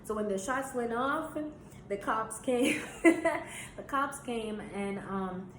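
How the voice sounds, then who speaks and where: Young woman telling a wild story, high voice, swears a lot, echoey room. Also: slow. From Jamaica. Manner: animated, blunt, swearing storyteller. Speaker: vlogger. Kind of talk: storytime vlog. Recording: roomy echo, faint hiss.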